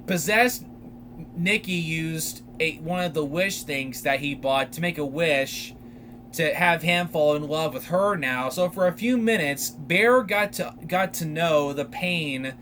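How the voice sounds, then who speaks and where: Young male podcast host with a high voice, unhurried, rambling and excitable as he recaps a movie. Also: a little hiss or hum. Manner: animated, rambling retelling with many fillers. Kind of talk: casual solo film recap.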